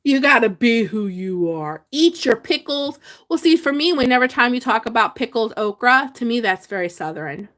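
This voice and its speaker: A woman's voice: on the high side, animated, moderate pace, few pauses, fairly bright tone. A woman hosting a casual livestream, chatting with viewers, reading their comments aloud and laughing often. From Pennsylvania. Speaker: livestream host.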